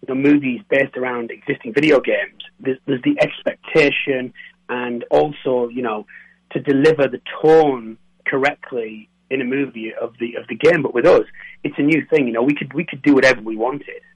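A man from near Newcastle with a softened northern English accent, a film director answering interview questions in a hesitant way, repeating words and laughing often. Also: medium pitch, normal speed, slightly rough, no echo, low-quality recording. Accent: northern English, softened toward standard. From northern England, near Newcastle. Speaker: film director and co-writer, guest.

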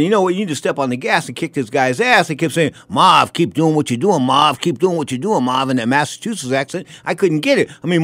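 Fast, emphatic older man commentator. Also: medium pitch, fairly bright tone, no room sound. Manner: emphatic, repeats set phrases. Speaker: boxing commentator. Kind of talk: casual storytelling commentary.

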